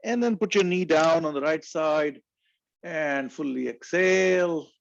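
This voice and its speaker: A man leading a yoga class, calmly cueing breath and poses and chanting short mantras. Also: on the high side, a little slow, vocal fry, no echo, muffled recording. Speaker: yoga instructor. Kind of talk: guided yoga instruction.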